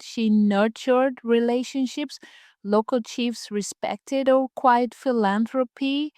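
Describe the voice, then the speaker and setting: A woman storyteller reading a scripted folktale in a measured, unhurried way. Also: medium pitch, darkish tone, clean tone, dry recording, clean studio sound.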